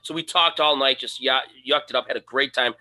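A man's voice: medium pitch, fairly quick. A man co-hosting a podcast, telling a casual story and acting out the quoted lines with animation. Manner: animated, acts out his own quoted lines. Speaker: podcast co-host.

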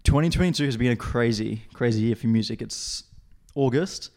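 A man's voice: medium pitch, normal speed, a little mellow. Upbeat young man hosting. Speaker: podcast host. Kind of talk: casual interview chat.

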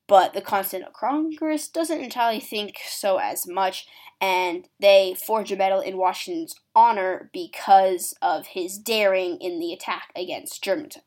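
A woman's voice: mid-range voice, moderate pace, a little mellow. A woman casually explaining history, chatty and acting out quotes with a lot of "like". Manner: chatty, acts out quotes, uses "like". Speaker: history presenter.

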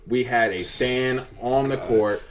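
A man's voice: medium pitch, fairly even intonation, slow, heavy background noise. A man hosting a casual podcast, joking around and steering the talk. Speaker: podcast host.

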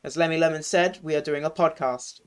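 A man's voice: fairly high pitch, fairly even intonation, brisk, clean tone. A young man co-hosting a casual podcast, cheeky and giggly with crude quips. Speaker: podcast co-host.

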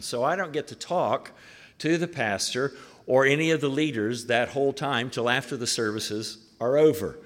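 A man's voice: medium pitch, a bit bright. A man preaching a sermon in a church, chatty and often using filler words. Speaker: pastor. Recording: echoey hall.

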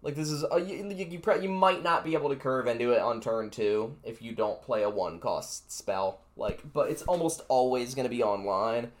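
A man's voice: mid-range voice, normal speed, few pauses. Rambling young-sounding male podcast co-host. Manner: rambling, filler-heavy, excited. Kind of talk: casual card-review chat.

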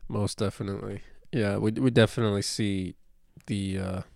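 A man's voice: lowish voice, moderate pace, creaky, no room sound, clean studio sound. A man co-hosting a podcast, talking casually and at length, swearing freely and filling gaps with uh and you know. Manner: animated, swears freely, rambling with many fillers. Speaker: podcast co-host.

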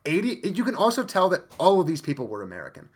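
A man's voice: high voice, wildly swooping pitch, fast, slightly rough. A man co-hosting a podcast, ranting animatedly in casual review chat, swearing and laughing often. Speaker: podcast co-host.

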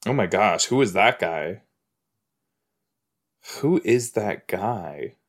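Watching a TV episode along with his listeners, this podcast host rambles loosely, peppering his chat with "like" and "you know" and saying exclamations over and over. He speaks slowly and animatedly in a lowish voice.

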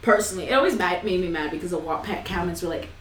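A young woman co-hosting a casual chat, animated and swearing freely, acting out quotes. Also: fairly low pitch, very fast. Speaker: podcast co-host. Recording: echoey room.

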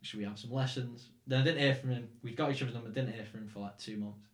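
A man's voice: mid-range voice, fairly even intonation, quick pace, roomy sound. A young Northern English man chatting casually as podcast host, rambling and swearing freely. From England. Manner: rambling, swears, laughs often. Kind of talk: casual chat.

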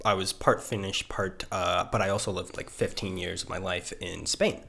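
A man's voice: low voice, steady tone, moderate pace, gravelly, fairly bright tone. A man guest in a casual comedy chat, making goofy, absurd jokes. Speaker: podcast guest.

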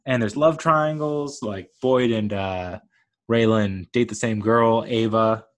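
A man's voice: lowish voice, takes it slowly. A man giving a casual, rambling spoken review of a TV show, enthusiastic and full of fillers like "uh" and "like".

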